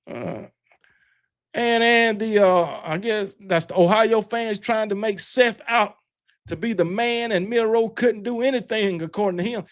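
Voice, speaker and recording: Male stream host, high-pitched, loose boastful banter. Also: measured pace. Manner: rambling, self-correcting, talks back to chat. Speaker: livestream host. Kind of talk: casual chat with live viewers.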